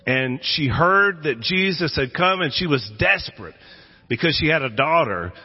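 Male pastor, slightly raspy mid-range voice, dramatic storyteller, long hall reverb on a dull recording. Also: medium pitch. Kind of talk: sermon. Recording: echoey hall, dull lo-fi sound.

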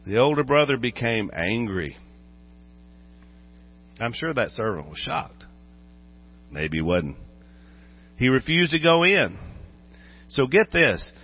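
A male pastor preaching an animated sermon, acting out the voices in the story. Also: medium pitch, slow, long pauses, highs cut off.

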